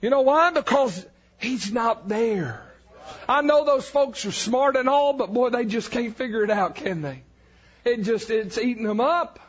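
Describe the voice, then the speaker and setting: A man preaching an evangelical sermon, fervent, building up to shouted emphasis on key lines. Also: very high-pitched, normal speed, dull audio.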